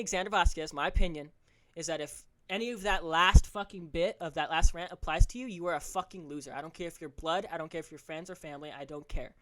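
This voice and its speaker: A man's voice: high voice, a bit bright. Teen guy ranting heatedly. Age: teens. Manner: profane, heated, scolding. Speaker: podcast host. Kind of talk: solo podcast rant.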